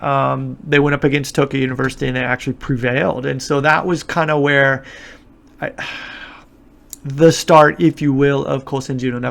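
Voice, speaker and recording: Gravelly man explaining at length. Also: medium pitch. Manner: relaxed explaining with fillers and restarts. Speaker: guest, martial arts instructor. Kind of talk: casual podcast interview. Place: Japan.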